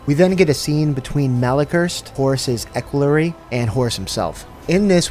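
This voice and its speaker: A man casually retelling a story, with slangy, profane, joking asides. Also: medium pitch. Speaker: lore channel host. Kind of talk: casual comedic lore summary.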